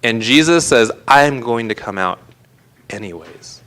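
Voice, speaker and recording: A man's voice: mid-range voice, animated, unhurried, fairly bright tone, rough recording. A man, a pastor, preaching a sermon in a live-streamed church service and retelling a parable with earnest storytelling. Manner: earnest storytelling preacher, voicing characters in quotes.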